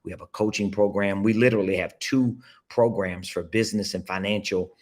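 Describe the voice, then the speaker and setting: A man's voice: lowish voice, fairly even intonation, fairly quick. A man, a business coach, giving an emphatic, repetitive motivational talk on a casual livestream, seated at a table indoors and urging listeners to repeat phrases after him.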